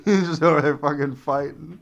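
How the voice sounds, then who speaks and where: A man's voice: fairly high pitch, a little fast, gravelly, lo-fi sound. A young adult man hosting a comedy podcast, riffing casually with lots of swearing and laughter. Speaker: podcast host.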